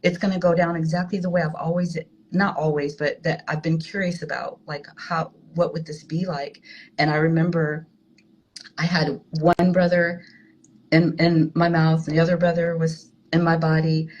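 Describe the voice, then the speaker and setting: A woman candidly telling a personal story in a halting way, often restarting her sentences. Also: deep voice, little pitch movement, darkish tone, lo-fi sound. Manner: halting, frank, with many restarts. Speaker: guest sharing a personal story.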